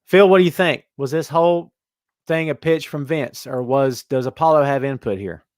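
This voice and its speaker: A man hosting a casual wrestling talk show, animated and chatty, reading out listener comments. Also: on the high side, moderate pace, dry recording, clean studio sound. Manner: animated, reads out chat comments. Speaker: podcast host.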